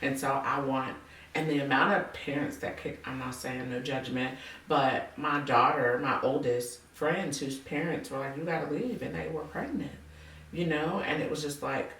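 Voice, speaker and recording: A woman hosting a casual faith-based interview, animated and playful, acting out quotes with big jumps in her voice. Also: extremely low pitch, normal speed, echoey room, recorded from a distance, slight background noise, rough recording. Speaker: podcast host.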